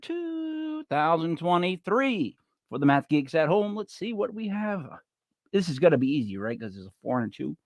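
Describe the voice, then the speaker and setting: A man hosts a podcast with a playful, rambling patter. His voice sits high and swings widely as he talks. The sound is close and dry, with no room around it. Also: no echo. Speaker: podcast host. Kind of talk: casual chat.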